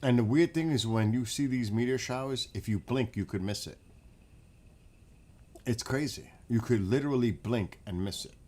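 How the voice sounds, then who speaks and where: A man with a New York accent hosting a casual late-night livestream outdoors in front of his house, chatting with viewers in a relaxed, rambling way. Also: mid-range voice, normal speed. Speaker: livestream host.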